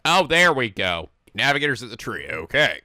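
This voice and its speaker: A man hosting a casual anime reaction, animated, laughing and swearing often. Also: mid-range voice, normal speed, no echo.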